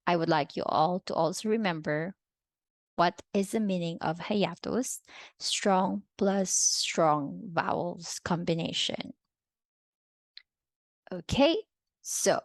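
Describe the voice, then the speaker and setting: A woman records a language lesson in an unhurried, deliberate way, pausing to make sure the class follows. Her voice sits a little low for a woman. The sound is close and dry, with no room around it. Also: no room sound. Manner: slow, careful explaining with frequent "okay" check-ins. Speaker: Spanish teacher.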